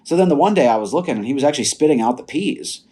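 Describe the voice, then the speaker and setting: A young adult man, a podcast guest, telling personal stories in a casual, animated way and laughing now and then. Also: medium pitch, racing, breathy edge. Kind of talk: casual storytelling.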